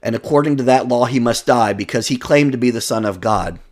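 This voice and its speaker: A man's voice: mid-range voice, a little fast, darkish tone, natural voice. A man reading the demands of insistent male religious leaders aloud from scripture, with some force.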